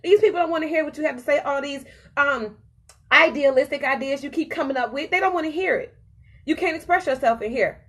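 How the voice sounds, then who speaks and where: A woman's voice: high voice, fairly quick, a bit bright, voice pushed up. A woman voicing her own heart, blunt and bossy. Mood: frustrated. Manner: blunt, scolding, swears casually. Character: her own heart, female, frank, pushy, fed up.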